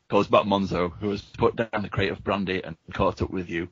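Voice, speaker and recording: A man's voice: sits low, fairly even intonation, fairly quick, hardly any pauses, fairly bright tone, husky, no echo, muffled recording. A man reading a gamebook aloud on a podcast, with casual asides.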